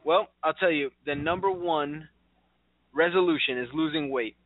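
A man's voice: fairly high pitch, normal speed, dry recording. A man hosting a radio talk show in a casual, chatty way, laughing easily and quizzing his co-host. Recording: tinny phone-like sound.

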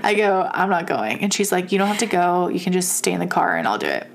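A young woman telling a story in casual chat, animated and profane, laughing often. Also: on the low side, fast talker, vocal fry, a little hiss or hum.

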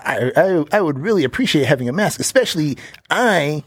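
Stammering, husky tabletop player. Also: medium pitch, sing-song, a little fast, dry recording. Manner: stammering, rambling in-character talk. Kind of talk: in-character tabletop play.

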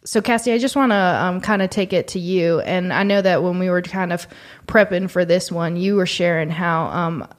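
A woman co-hosting a faith-based podcast, earnest and encouraging, slowing down to guide listeners through deep breaths. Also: steady tone. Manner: earnest, encouraging, speaks slowly when leading prayerful moments. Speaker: podcast co-host.

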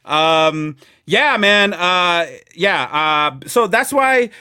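A man's voice: high-pitched, lively intonation, drawn-out words, pushed and bright, smooth, no echo. Laughing, rambling man on a dry mic. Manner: joking, rambling, laughs often. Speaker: podcast co-host. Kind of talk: casual chat.

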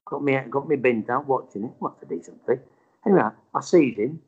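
Animated West Yorkshire man telling a story. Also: medium pitch, fairly quick, slightly rough. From Bradford, England. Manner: animated, acts out quotes, swears. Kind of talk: casual anecdote. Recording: dull lo-fi sound.

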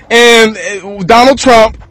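A man's voice: very high voice, fairly bright tone, poor audio. A man from Texas, rambling through a profane freestyle rant to camera and laughing between thoughts.

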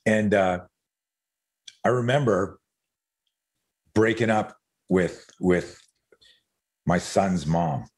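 Deep-voiced man telling rambling stories. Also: very slow, long pauses. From Canada. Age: middle-aged. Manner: rambling storyteller, swears casually, jumps between tangents. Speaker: guest. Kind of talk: casual podcast conversation.

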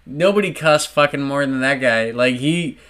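A man talking as a podcast guest, rambling and animated, swearing freely. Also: mid-range voice, moderate pace. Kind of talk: casual chat.

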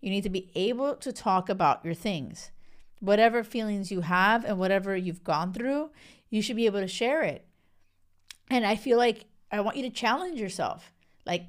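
Frank, smooth-voiced woman podcast host. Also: on the high side, animated, a little slow. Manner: frank, candid, mixes in swearing and laughs. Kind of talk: casual solo podcast talk.

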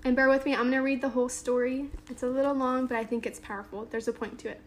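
Woman, casual Bible teaching, reads scripture then retells it, conversational fillers, a little high-pitched. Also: level tone, fast. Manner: conversational, lots of "like" and "um"; reads scripture aloud then paraphrases informally.

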